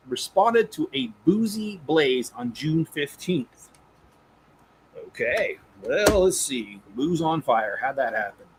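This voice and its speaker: A man's voice: mid-range voice, slight background noise, low-quality recording. Rambling man chatting on a live stream. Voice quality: rambling, self-correcting, chuckles while reading. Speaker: Lego channel host. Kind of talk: casual live-stream chat.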